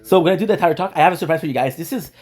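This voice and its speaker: A man's voice: a little high, very fast, darkish tone. A young man streaming a game from his apartment, rambling in casual chat to camera and joking with himself. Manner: rambling, jokey, talks to himself. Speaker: gaming streamer. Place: home apartment.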